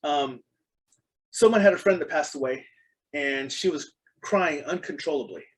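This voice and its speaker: A man's voice: a little high, normal speed, poor audio. A middle-aged man as a podcast guest, speaking in casual interview chat, an earnest storyteller full of ums and restarts.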